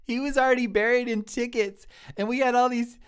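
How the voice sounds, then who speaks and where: A man's voice: very high voice, fairly even intonation, brisk, clean tone. A man voicing a giddy, childlike young woman who works in a kitchen, giggly and scattered as she answers live chat questions. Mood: bubbly. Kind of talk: improvised live-stream character comedy.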